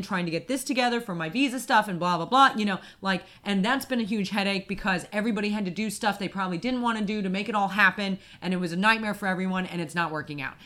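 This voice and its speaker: A woman co-hosting a casual podcast, telling a story in an animated ranting way and acting out her own shouting. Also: medium pitch. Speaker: podcast co-host. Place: apartment in Wimbledon.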